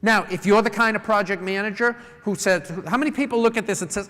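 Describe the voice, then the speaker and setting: A middle-aged man from New England giving a live conference talk, a lively storyteller who acts out customer phone calls. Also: sits high, quick pace, hardly any pauses. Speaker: conference speaker. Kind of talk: live presentation to an audience. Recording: long hall reverb.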